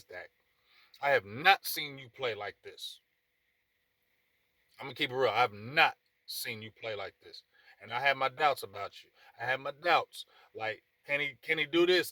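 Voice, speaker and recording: A man hosts a sports talk show, pleading and repeating himself with emphatic passion. His voice is bright and tense, recorded dry with no room echo. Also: mid-range voice, normal speed. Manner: passionate, emphatic, repetitive, addresses people directly. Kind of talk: casual sports commentary monologue.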